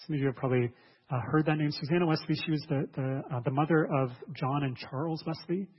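A man's voice: fairly high pitch, steady tone, fast talker, slightly rough. A man preaching a sermon as a pastor, earnest, often repeating words and asking listeners questions. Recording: dull sound with long hall reverb.

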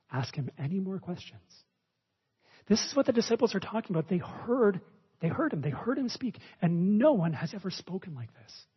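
A man's voice: sits high, breathy edge. A man preaching a sermon in a conversational way, with fillers and restarts, often asking his listeners questions. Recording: dull sound with long reverb in a hall.

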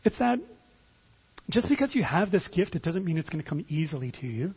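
A man preaches in a relaxed, conversational way, often stumbling over repeated words as he begins a thought. His voice sits high for a man and sounds very husky. The recording is dull and lo-fi. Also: a little fast. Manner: conversational, repeats words when starting phrases. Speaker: pastor. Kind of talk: sermon.

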